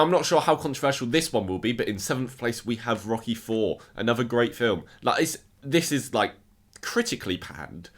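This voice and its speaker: Low-voiced man gushing about films. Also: fairly bright tone. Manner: enthusiastic, frequent word repeats and restarts. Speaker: film reviewer. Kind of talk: casual ranking review.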